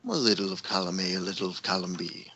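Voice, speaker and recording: A man in a tabletop game playing his character with a playful, chuckling manner and a husky voice. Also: sits low, steady tone, fast talker, bright, forceful tone. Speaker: player. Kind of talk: tabletop role-play.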